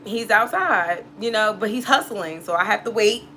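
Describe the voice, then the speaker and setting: A woman's voice: medium pitch, lively intonation, moderate pace, bright, forceful tone, a little hiss or hum. A woman telling a personal story in a casual vlog, emphatic and full of swearing, breaking into laughter. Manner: profane, emphatic, laughs often. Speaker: tarot reader telling a story.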